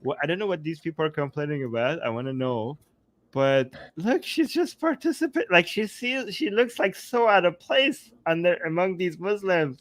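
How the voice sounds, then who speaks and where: A man's voice: high voice, animated, moderate pace, no room sound. A man co-hosting a casual talk show, mocking and giggly, rambling with many fillers. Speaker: co-host. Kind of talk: casual chat.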